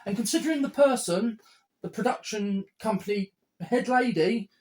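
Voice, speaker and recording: A woman's voice: mid-range voice, animated, normal speed, a little mellow. A woman co-hosting a podcast in casual chat, making dry, wry quips. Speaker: podcast co-host.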